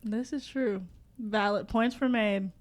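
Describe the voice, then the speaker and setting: A woman's voice: a little high, steady tone, slow pace. A woman co-hosting a casual book-club podcast, reading passages aloud with relish and laughing often. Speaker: podcast co-host.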